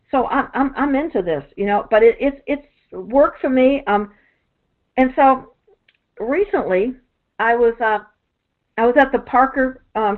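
A woman who does energy work, telling long rambling stories in a casual chat, full of fillers and restarts. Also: mid-range voice. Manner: rambling, many "you know" fillers and restarts. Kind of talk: casual storytelling monologue. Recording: tinny phone-like audio.

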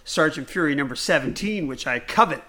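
Guy cohosting a podcast, bright tone, slightly high voice, rambly with lots of restarts. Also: a little fast. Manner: animated, rambling with many restarts and fillers. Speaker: podcast co-host. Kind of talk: casual chat.

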